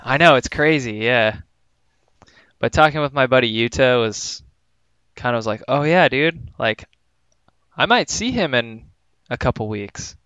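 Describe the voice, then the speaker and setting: A man's voice: mid-range voice, animated, unhurried, sharp tone, clear, resonant tone, dry recording. A young man co-hosting a podcast in casual chat, laid-back and full of "like" and "dude". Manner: laid-back, filler-heavy, says "like" and "dude" often. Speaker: podcast co-host. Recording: slightly dull lo-fi recording.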